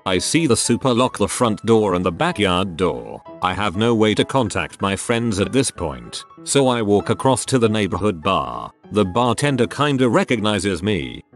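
Male narrator, low voice, animated delivery, faint music bed. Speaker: story narrator. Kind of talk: scripted narration of online stories. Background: faint background music.

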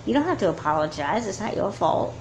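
A woman's voice: mid-range voice, sing-song, brisk, slight background noise, poor audio. A woman voicing a caring girl who reassures her sister in a soothing way. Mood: concerned.

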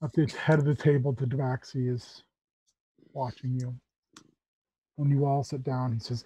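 A man narrating a tabletop game as game master in a measured, descriptive way. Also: medium pitch, flat delivery, dark tone, slightly rough, no room sound, dull audio.

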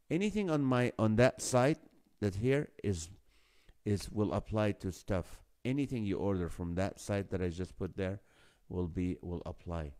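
A man's voice: fairly low pitch, darkish tone. A man with a Middle Eastern accent hosting a live online show, chatting casually, joking and reading viewer comments aloud. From Holy Land. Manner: chatty, jokey, reads viewer comments aloud and laughs often. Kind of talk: casual live-stream chat.

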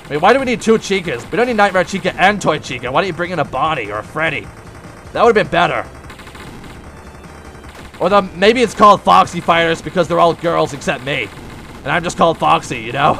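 A young man giving casual gameplay commentary, breaking into frustrated, yelling outbursts at the game. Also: on the high side, animated, fairly quick, gravelly, a little hiss or hum. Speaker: let's play gamer.

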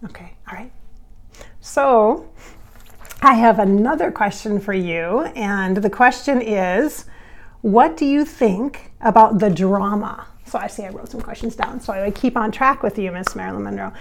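A woman's voice: mid-range voice, measured pace. A woman hosting a spiritual vlog, talking in an effusive, giggly way with frequent laughs. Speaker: channeler and vlog host. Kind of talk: casual spiritual vlog talk.

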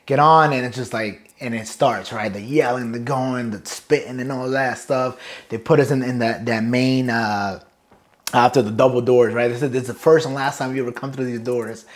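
A man's voice: mid-range voice, steady tone, moderate pace. A man, a Marine sergeant major telling loose, profane stories from boot camp in a casual interview, often laughing. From Brooklyn, New York.

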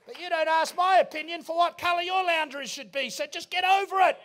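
A man preaching a sermon in a large church auditorium, emphatic and rising to shouts. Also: extremely high pitch, steady tone, brisk. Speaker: pastor.

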